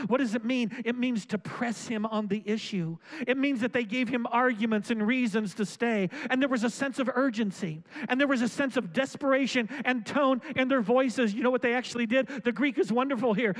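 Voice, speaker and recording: A man preaching a sermon as pastor, pleading in repetitive prayer and urging his congregation with calls of "come on". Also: very high voice. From Florida.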